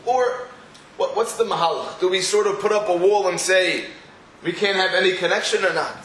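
A man's voice: sits high, moderate pace, a bit bright, echoey room, poor audio. A man, giving a weekly Torah class. He poses rhetorical questions and breaks into storytelling asides. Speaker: Torah teacher.

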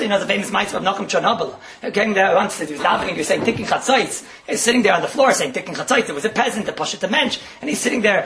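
A man teaching a Torah class and telling stories, animated and often laughing as he talks. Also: high-pitched.

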